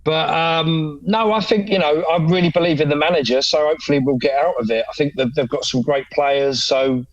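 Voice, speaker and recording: A middle-aged man talks casually as a podcast guest, slightly high in pitch. He is self-deprecating and often laughs. The sound is muffled and dry. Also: fairly even intonation, fairly quick, dry recording. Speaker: actor guest. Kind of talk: casual chat.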